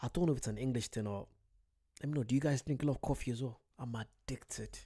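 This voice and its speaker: A man's voice: medium pitch, fast, dark tone, breathy edge. A man from the UK, hosting his first live stream, chatting casually and greeting viewers by name. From United Kingdom. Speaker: channel host. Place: at home late at night.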